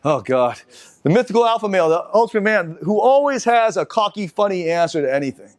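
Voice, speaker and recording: A middle-aged man giving a live seminar lecture, talking in an animated, halting way with restarts and asides to the audience. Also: sits high. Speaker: seminar speaker.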